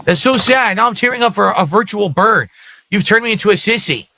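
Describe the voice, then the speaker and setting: A man's voice: high voice, lively intonation, a little fast, gravelly, bright, forceful tone. A man livestreaming, upset and complaining to his viewers. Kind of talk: livestream talk.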